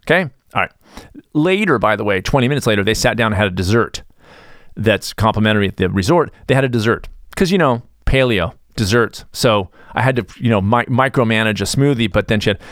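A man's voice: fairly low pitch, animated, brisk, fairly bright tone, no room sound, studio quality. A man hosting his podcast, a nutritionist talking in a rambling, exasperated way with lots of restarts. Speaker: podcast host. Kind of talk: casual monologue.

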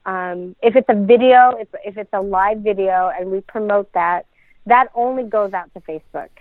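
A woman's voice: mid-range voice, moderate pace, no echo. A woman co-hosting a casual podcast, chatty and laughing, with many fillers. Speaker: podcast co-host, dental practice owner. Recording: tinny phone-like sound.

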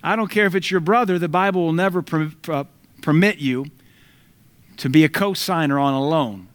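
A man's voice: on the high side, moderate pace, clear, resonant tone. Emphatic male preacher. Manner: emphatic, quotes scripture, mimics voices for effect. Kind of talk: sermon.

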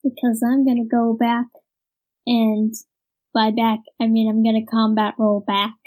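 A woman's voice: on the high side, level tone, unhurried, a little mellow, rough recording. A woman playing a tabletop game, speaking in a playful, giggly way. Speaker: player.

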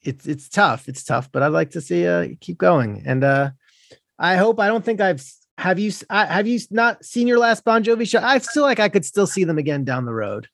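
A man's voice: high-pitched, expressive, moderate pace, creaky, a bit bright, dry recording, studio quality. A man hosting a casual chat, mostly listening and giving easygoing, agreeable replies.

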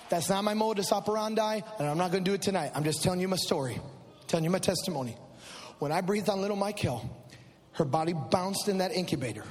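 Impassioned high-voiced man preaching in a hall. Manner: impassioned, swings from hushed prayer to loud shouting. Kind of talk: sermon testimony. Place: church.

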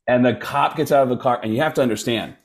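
Animated male comedian telling stories. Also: mid-range voice, quick pace, a little hiss or hum. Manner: animated, acts out voices in stories. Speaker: stand-up comedian guest. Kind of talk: casual storytelling chat.

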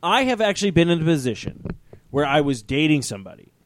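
A podcast co-host talking casually, rambling and cracking crude jokes. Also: male voice, a little high, very animated, quick pace, slight background noise. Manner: joking, rambling, crude humor. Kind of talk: casual chat.

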